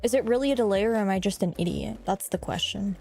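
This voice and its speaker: A young woman streamer in casual live-stream chat, excitable and chatty, swearing and teasing her viewers. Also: mid-range voice, quick pace, creaky, faint music behind.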